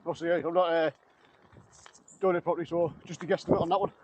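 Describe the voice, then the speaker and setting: A man's voice: high voice, fast, pauses often, a little mellow. A man, out of breath after a bike ride, chatting casually and rambling in an outdoor vlog. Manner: chatty, rambling, plain-spoken. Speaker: vlogger. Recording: dull lo-fi sound with faint outdoor noise.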